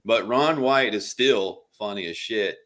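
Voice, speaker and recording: A young man from West Virginia talks comedy over drinks in an easygoing way. His voice sits a little low, and he cusses freely as he tells his stories. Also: measured pace, fairly bright tone. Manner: laid-back, swears freely, laughs at his own stories. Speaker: guest. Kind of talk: casual chat.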